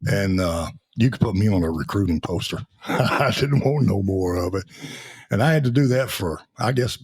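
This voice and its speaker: A man's voice: fairly low pitch, expressive, normal speed, a little mellow, slightly rough. A man, a Navy veteran guest telling folksy stories in a podcast interview and laughing as he acts out the people in them. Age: 70s.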